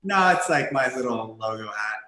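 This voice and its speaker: A man appearing as a guest on a podcast, speaking in an ordinary mid-range voice. He answers in a measured, matter-of-fact way with some halting restarts. His voice carries a roomy echo. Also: mid-range voice, expressive, sharp tone. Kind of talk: casual interview chat.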